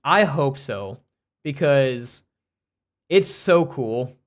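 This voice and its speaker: An American streamer and teacher telling a story casually on a live stream, in an animated, rambling way, full of restarts and fillers. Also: mid-range voice, very slow. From United States.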